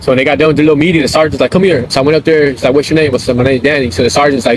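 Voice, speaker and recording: A man's voice: mid-range voice, racing, few pauses, slight background noise, poor audio. A man streaming live, telling a personal story in casual street slang and often checking in with his listeners. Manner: street slang, keeps checking in with "right?" and "you feel me?".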